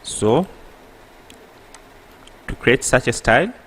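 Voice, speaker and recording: A man with an East African accent teaching an app coding tutorial, halting and correcting himself, often pausing with a rhetorical "what?". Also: mid-range voice, lively intonation, fairly bright tone, slight background noise. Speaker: programming tutor. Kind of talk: screen-recorded coding tutorial.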